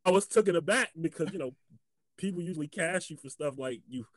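A young man, a guest comedian, telling a story in a casual chat, animated, laughing often and acting out the voices he quotes. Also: a little high, a little fast, no room sound.

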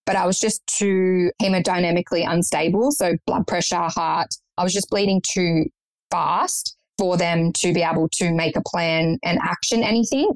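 A woman's voice: fairly low pitch, steady tone, normal speed, no echo, rough recording. Young woman, earnest guest, dry sound. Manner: earnest, reflective, matter-of-fact. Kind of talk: personal story in conversation.

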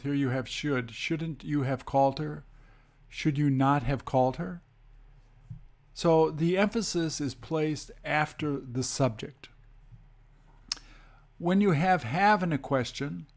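Slow, gravelly male English teacher. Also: mid-range voice. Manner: slow, methodical, reading out example sentences. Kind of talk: explaining grammar lesson.

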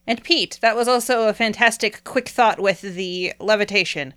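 Woman player, smooth clear voice, talkative, swears casually, narrates her character. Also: mid-range voice, normal speed, fairly bright tone. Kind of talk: casual tabletop play chat.

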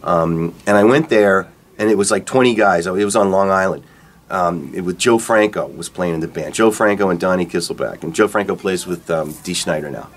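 Man, middle-aged, deep voice, rambling relaxed storytelling, guitarist interview. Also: a little fast. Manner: relaxed, rambling, acts out quotes with laughs. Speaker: rock guitarist telling his career story.

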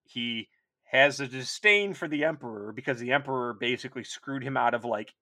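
Bright-voiced rambling podcast host. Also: male voice, medium pitch, brisk. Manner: rambling, profane, enthusiastic. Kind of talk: casual chat.

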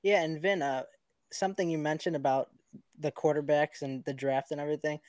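A man co-hosting a casual sports podcast over a video call, talking in a halting, hesitant way. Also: on the high side, steady tone, a little mellow, no echo. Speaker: podcast co-host.

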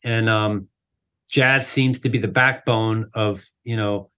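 A man's fairly low, clean voice moves slowly as he, a drummer and interview guest, recounts a casual story. He leans on "like" and "you know" constantly and gets animated, acting out the people he quotes.

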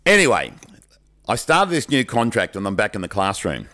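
A man's voice: on the low side, normal speed. A middle-aged Australian man, a teacher and podcast co-host, animatedly telling classroom stories in a casual chat. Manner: animated storyteller who acts out the people in his anecdotes.

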